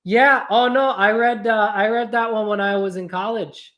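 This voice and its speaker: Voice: mid-range voice, fairly even intonation, normal speed, fairly bright tone, close to an everyday voice. A podcast host putting on a Midwestern accent to play a friendly stranger making small talk at an outdoor cafe. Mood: cheery. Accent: Midwestern US, put on. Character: friendly chatty Midwestern coffee-shop stranger.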